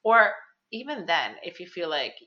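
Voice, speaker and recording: A young woman co-hosting a podcast in casual chat, animated and laughing, with lots of fillers. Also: lowish voice, moderate pace, muffled recording. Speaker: podcast co-host.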